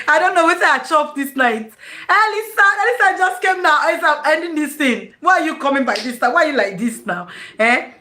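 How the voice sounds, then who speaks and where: A woman with a Nigerian English accent hosting her own live stream in casual chat, excitable and effusive, laughing often. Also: high-pitched, normal speed, pauses often, echoey room.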